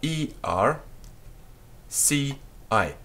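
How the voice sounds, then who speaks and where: A man with an expressive, medium-pitched voice that sounds pushed and bright gives a beginners' French lesson. He dictates with slow patience and spells out words letter by letter.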